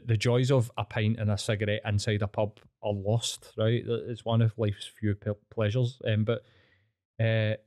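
A man's voice: lowish voice, darkish tone, dry recording. A man in his thirties with a Glaswegian Scottish accent, telling blunt, sweary stories as a podcast guest, rambling with restarts. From Scotland. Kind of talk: candid storytelling.

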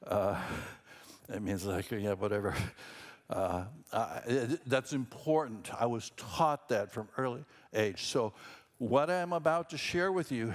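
A man's voice: medium pitch, unhurried. A middle-aged man from Minnesota preaching a sermon as senior pastor, conversational and rambling, with self-deprecating asides.

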